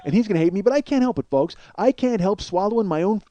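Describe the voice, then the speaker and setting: A man's voice: high voice, animated, fast talker, warm tone, lo-fi sound. A man telling a rambling, profane, self-deprecating comedic story as a podcast host.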